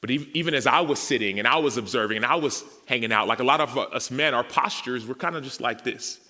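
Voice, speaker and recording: At a men's summit, a man speaks before an audience in a large, echoing hall, giving a personal testimony. His medium-pitched voice moves quickly as he tells his story, acting out the conversations and growing more emotional and animated.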